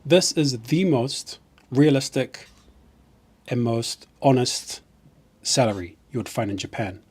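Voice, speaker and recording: A man's voice: mid-range voice, expressive, slow pace, darkish tone, husky. Rambling chatty New Zealand man. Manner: rambling, chatty, restarts often. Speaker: live streamer. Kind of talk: casual live stream chat.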